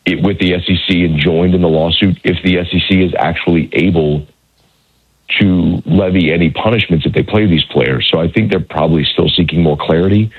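A hoarse man who has lost his voice, reporting on college football over a phone line in a measured, hedging way with many restarts. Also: sits low, no room sound. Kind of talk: casual radio phone interview.

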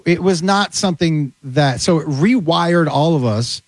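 Animated male comedian telling stories, dry mic. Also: fairly high pitch, a little slow, dry recording, low-quality recording. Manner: animated storyteller, slips into character voices. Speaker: comedian guest. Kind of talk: casual podcast chat.

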